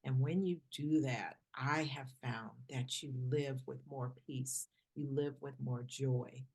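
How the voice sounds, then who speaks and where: A woman hosting a podcast, speaking in a calm, measured and reflective way as she asks questions and shares her own view. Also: a bass voice, breathy edge. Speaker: podcast host. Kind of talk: podcast interview.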